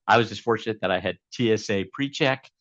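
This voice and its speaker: Low-voiced man telling a travel story. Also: quick pace, fairly bright tone, dry recording, lo-fi sound. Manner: rambling, with many restarts and fillers. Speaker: interview guest. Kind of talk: casual storytelling.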